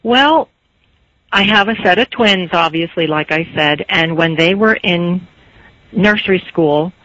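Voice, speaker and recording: A woman storyteller with a faint Pennsylvania Dutch tinge, chatting in an interview and telling anecdotes in a lively way. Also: lowish voice, dry recording. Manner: lively, anecdotal, quick asides. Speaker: storyteller, guest. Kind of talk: casual interview chat. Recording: dull lo-fi dry recording.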